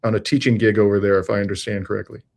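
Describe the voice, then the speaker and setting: A man hosting an interview over a video call, speaking in a measured way with frequent "uh" fillers. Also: fairly low pitch, little pitch movement, creaky, a little mellow. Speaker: interview host. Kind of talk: scripted intro then interview questions.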